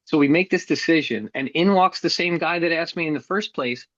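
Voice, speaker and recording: A man's voice: on the high side, fairly quick, fairly bright tone, dry recording, lo-fi sound. A middle-aged man telling a hard personal story as a guest, earnest and blunt, with some casual swearing. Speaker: podcast guest.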